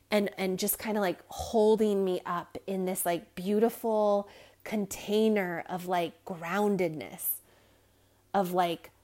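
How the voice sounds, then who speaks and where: A woman hosting a podcast, talking to listeners in a candid, rambling personal monologue with frequent fillers and small laughs. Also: mid-range voice. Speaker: podcast host.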